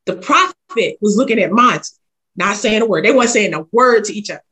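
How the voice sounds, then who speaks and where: Woman with a husky voice, telling an emphatic, animated story in casual chat. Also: mid-range voice, brisk.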